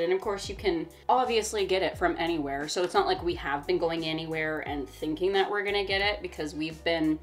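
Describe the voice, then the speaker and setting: A woman's voice: fairly low pitch, fairly quick, hardly any pauses, faint music behind. A young woman co-hosting a casual storytime vlog, talking in a chatty, emphatic way and laughing often. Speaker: vlog co-host.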